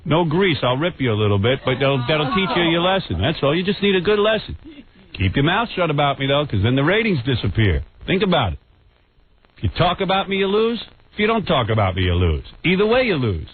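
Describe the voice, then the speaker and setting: Over a tinny, lo-fi radio broadcast with faint hiss, a male radio host taunts a rival in a crude, mock-menacing bit. His voice is a little high, sing-song and brisk.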